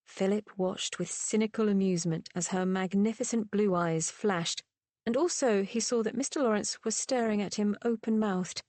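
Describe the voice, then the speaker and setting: A woman narrating a romance novel in a measured, even storytelling manner. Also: mid-range voice, no echo. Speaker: audiobook narrator. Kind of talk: scripted narration.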